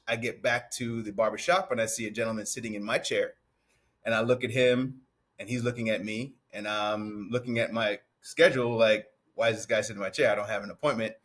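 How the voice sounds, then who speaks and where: Laid-back man telling a story. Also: mid-range voice. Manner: relaxed, conversational, acts out quoted dialogue. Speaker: barber and business owner. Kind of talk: casual interview storytelling.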